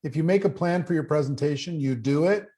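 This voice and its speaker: A man's voice: on the high side, fairly quick, mellow. A man hosting a panel as a speaking coach, talking emphatically and listing questions. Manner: emphatic, repeats questions in lists. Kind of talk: coaching talk on video panel.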